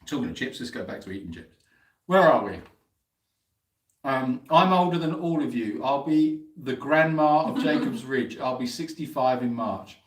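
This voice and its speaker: A man's voice: medium pitch, animated, moderate pace. A man hosting a casual live Q&A stream, chatting, teasing and reading out viewer messages. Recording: roomy echo.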